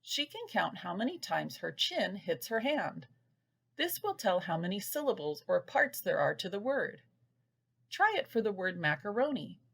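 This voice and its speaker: A woman giving a scripted lesson to parents, patiently sounding out words slowly. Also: mid-range voice, vocal fry, husky. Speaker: early reading instructor. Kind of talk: scripted instructional narration.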